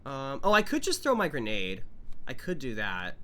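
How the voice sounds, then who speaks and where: A man giving chatty, animated commentary as he streams a game live and talks to his chat. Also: mid-range voice, normal speed, a little hiss or hum.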